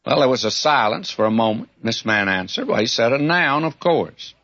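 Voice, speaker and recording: A man teaching through a Bible passage in sermon style, folksy and emphatic, with lively storytelling asides. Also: medium pitch, normal speed, lo-fi sound.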